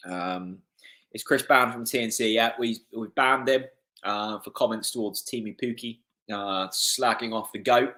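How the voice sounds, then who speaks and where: A young man hosting a live football watchalong, excitable and getting hoarse. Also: fairly low pitch, unhurried. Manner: excitable, swings from calm chat to shouting at goals. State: losing his voice. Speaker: fan watchalong host.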